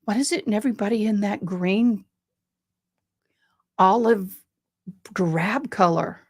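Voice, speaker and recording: A woman's voice: mid-range voice, slow, darkish tone. A middle-aged woman from Tennessee with a Southern accent, chatting casually with viewers on a livestream and reading out their comments. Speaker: livestream host.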